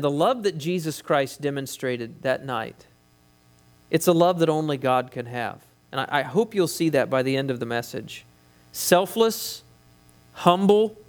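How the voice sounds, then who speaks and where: Wearing a headset mic, a pastor with a slightly high-pitched voice preaches a sermon with emphasis. He slips in quick conversational asides to his listeners.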